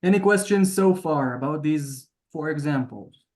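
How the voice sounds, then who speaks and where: A man teaching a beginner language class over a video call, patiently explaining each step and sounding out words slowly. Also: a little high, darkish tone, roomy sound. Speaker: Hebrew teacher.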